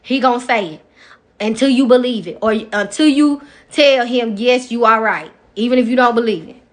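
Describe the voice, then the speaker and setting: A young adult woman vlogger telling a personal story in a casual, animated way, often speaking straight to her viewers. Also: on the high side, normal speed. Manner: emotional, animated retelling, addresses viewers directly.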